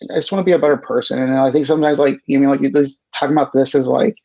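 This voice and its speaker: A man's voice: medium pitch, steady tone, racing, gravelly, dark tone. A man guest on a podcast, talking in an emotional, gushing, casual way. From Chicago area. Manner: emotional, gushing, repeats "you know what I mean". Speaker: podcast guest, record shop co-owner. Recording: dull lo-fi sound.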